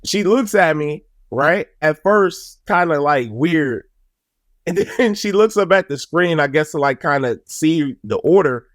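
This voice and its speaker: A young man with a somewhat high voice tells a long comic story for his podcast. He swings into exasperated, animated outbursts and swears casually. The sound is close and dry, with no room around it. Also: measured pace, no echo. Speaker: podcast host.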